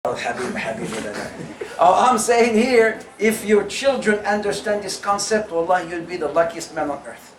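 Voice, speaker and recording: A man giving a lively youth talk, acting out the quotes in his stories and joking with his audience. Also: sits high, normal speed, slight background noise. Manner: animated, acts out quotes, jokes with audience. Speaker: youth program speaker. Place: community center hall. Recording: echoey room mic from a distance.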